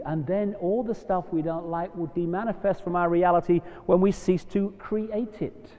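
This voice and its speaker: A man lecturing live to a hall audience, his voice fairly high for a man and ringing with a long reverb. He swings from hushed asides to loud, emphatic declarations. The recording is dull and lo-fi. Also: fairly even intonation, normal speed. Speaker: speaker giving a live talk.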